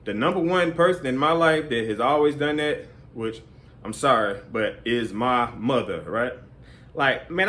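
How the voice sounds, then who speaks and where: A man's voice: mid-range voice, fairly bright tone. A man giving casual advice in a rambling way, full of fillers. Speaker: vlogger.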